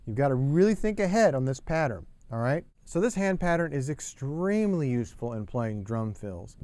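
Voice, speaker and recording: A man's voice: mid-range voice, very animated, normal speed, few pauses, dark tone, slight background noise. A man teaching a drum lesson, explaining step by step and calling out hand patterns aloud. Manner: patient, step-by-step, counts sticking patterns aloud. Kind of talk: instructional lesson.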